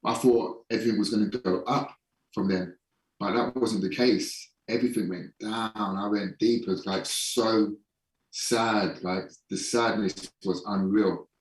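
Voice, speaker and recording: A man in a casual podcast interview, a holistic performance coach who speaks frankly and swears casually, slowing down for emphasis. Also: lowish voice, fairly even intonation, far from the mic. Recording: echoey room, voice somewhat off-mic.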